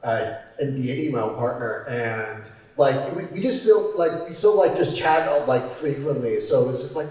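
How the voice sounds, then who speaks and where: A man on a convention panel, talking hesitantly and filling pauses with "uh" and "like". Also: mid-range voice, a little mellow. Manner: hesitant, many fillers. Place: large convention hall. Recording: very echoey hall from far off.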